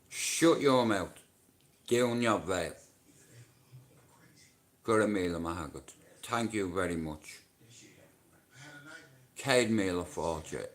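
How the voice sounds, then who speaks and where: A Dublin Irish man rambling through casual live-stream banter, swearing freely and cracking jokes. He talks slowly, in a lowish voice. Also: a bit bright. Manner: rambling, profane, jokey banter. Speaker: livestreamer.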